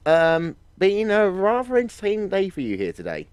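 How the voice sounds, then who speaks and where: A man's voice: high-pitched, wildly swooping pitch, moderate pace, clear, resonant tone, no room sound. Breezy male race presenter, dry sound. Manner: breezy, chatty, teasing. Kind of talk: live sim-racing post-race interviews.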